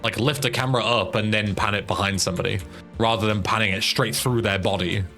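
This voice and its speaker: Lower-pitched man chatting while gaming. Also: fairly even intonation, fast, bright, forceful tone, faint music behind. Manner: chatty, critical, swears freely. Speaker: streamer. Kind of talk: casual commentary on gameplay.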